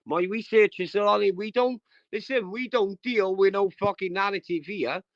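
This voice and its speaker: Streamer host, male, high voice, coarse aggressive rant, dull dry audio. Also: a bit bright, dry recording. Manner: crude, aggressive, repetitive slang-heavy ranting. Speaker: livestream host. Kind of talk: ranting livestream commentary.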